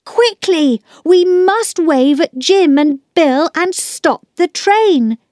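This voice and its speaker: A bold young boy in a storybook, with a woman reader doing the voice, urgent and commanding. The pitch sits well above her reading voice, and the sound is dry. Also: very animated, slow, darkish tone, no echo, heavily acted.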